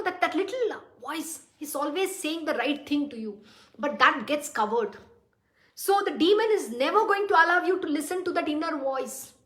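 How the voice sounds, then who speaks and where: A high-pitched woman delivers a devotional discourse, speaking bluntly and firing rhetorical questions at her listeners. Her voice rings in a roomy, echoing space. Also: fairly bright tone. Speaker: spiritual teacher. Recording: roomy echo.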